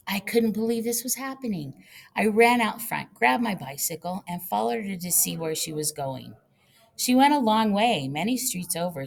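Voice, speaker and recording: A woman reading a first-person audiobook with lively, animated storytelling. Her voice sits low and carries a gravelly texture. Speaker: audiobook narrator.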